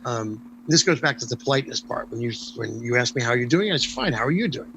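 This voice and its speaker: An older man with a mid-range voice and quick pace tells long stories as an interview guest, acting out quoted dialogue with lots of animation. Background noise runs through the clip.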